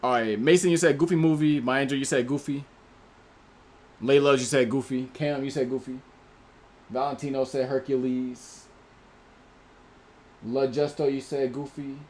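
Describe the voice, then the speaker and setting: A man's voice: mid-range voice, fairly even intonation, normal speed, long pauses, darkish tone. A man hosting a casual livestream, reading out viewers' names and chatting in about their movie picks. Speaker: livestream host.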